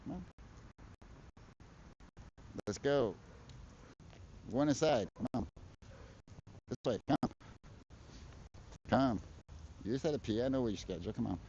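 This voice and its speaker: Out in a yard with his dog, a live-streaming delivery rider chats casually and profanely, chuckling in a laid-back way and talking to the dog. His mid-range voice has lively intonation but moves a little slowly with long pauses, sounding mellow. A wireless mic relays to a laptop, giving dull lo-fi stream audio with slight background noise.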